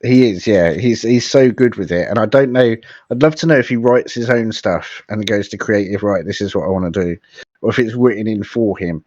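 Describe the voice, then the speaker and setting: A man's voice: fairly low pitch, normal speed, few pauses, a little mellow, no echo, dull audio. A man co-hosting a podcast in casual chat, often laughing and acting out quotes as he retells things. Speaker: podcast co-host.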